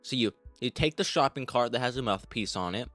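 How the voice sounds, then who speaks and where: A man's voice: medium pitch, expressive, fairly quick, a bit bright, dry recording, soft background music. A young man telling a comedic story to the camera, rambling and crude, swearing often and talking to the listener as "you". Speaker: storytime vlogger.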